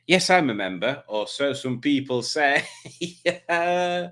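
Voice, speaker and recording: A man's voice: medium pitch, lively intonation, slow, a bit bright. A man, hosting a live stream, chatting casually and joking as he reads out viewers' comments. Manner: chatty, jokey, does silly voices for commenters.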